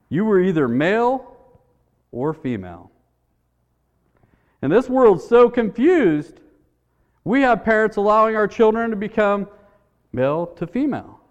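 Man preaching, with a higher voice. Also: big-room sound, highs cut off. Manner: earnest, conversational storytelling with repetitions. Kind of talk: sermon. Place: church.

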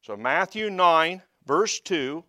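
A man preaching a sermon, telling a story quietly and then rising into loud, emphatic preaching. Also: a little high, animated, slow pace, no echo, studio quality.

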